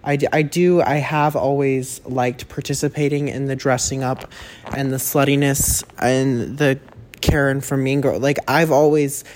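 A man's voice: mid-range voice, flat delivery, measured pace, a little mellow, a little hiss or hum. A young man rambling through a casual solo monologue as a podcast host, chatty and self-correcting, swearing freely. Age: young adult.

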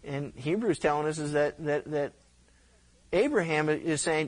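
Animated, higher-voiced pastor preaching. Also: male voice, unhurried. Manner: conversational, animated storytelling with repeated restarts. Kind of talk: sermon.

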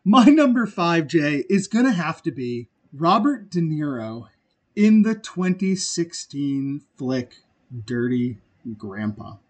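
High-voiced, blunt male podcast co-host. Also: big pitch swings, takes it slowly. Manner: blunt, profane, enthusiastic. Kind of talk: casual movie-review chat.

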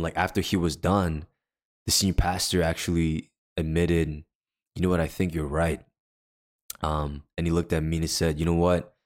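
A man co-hosting a faith podcast, earnestly telling a personal story in casual chat and acting out what others said. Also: deep voice. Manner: earnest, acts out quoted dialogue. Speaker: podcast co-host.

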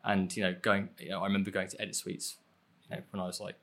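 A man's voice: sits low, monotone, fast, a bit bright. A man, chatting casually as a podcast guest, rambling and self-deprecating with lots of fillers and casual swearing. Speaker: guest, film editor.

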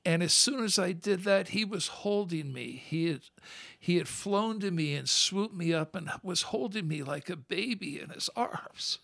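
A man speaking as a podcast guest, his voice sitting fairly high and carrying a gravelly rasp. He tells his story in an earnest, heartfelt way, recorded close and dry with no room sound. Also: animated, a little slow, a bit bright, no echo.

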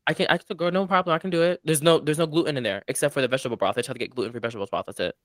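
A young man in casual conversation with family. He talks quickly and animatedly, slipping into other people's voices as he tells a story. The recording is dry and close, with no room sound. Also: fairly high pitch, steady tone, fairly bright tone, no echo. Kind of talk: casual chat among cousins.

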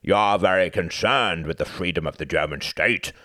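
A man's voice: low voice, normal speed, dry recording, studio quality. A man voicing a blunt, scornful aging British statesman in an audiobook, arguing emphatically. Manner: emphatic, lively argumentative delivery. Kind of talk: audiobook character reading.

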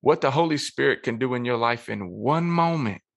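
A man's voice: medium pitch, expressive, brisk, vocal fry, dry recording. A man, a pastor hosting a podcast interview, affirming his guest with frequent interjections. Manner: affirming, frequent "come on" and "wow". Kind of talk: conversational interview.

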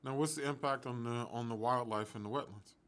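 A man's voice: mid-range voice, brisk, fairly bright tone. A male interviewer asking curious questions, rephrasing them as he thinks aloud.

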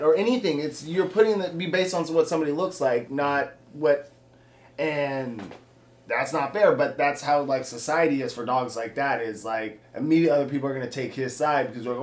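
A man in casual chat, rambling as he talks things through, with quick laughs. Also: fairly high pitch.

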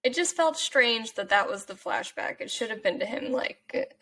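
A woman's voice: a little high, animated, normal speed, a bit bright, slightly rough. A young woman in a casual chat, playful and opinionated.

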